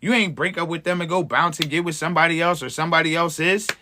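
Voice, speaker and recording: A man's voice: a little high, fairly even intonation, fast talker, bright, forceful tone, a little hiss or hum. A man, hosting a livestream as an empowerment coach, talking to viewers in a preachy, encouraging way with slang and frequent chuckles. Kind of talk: livestream motivational talk to viewers.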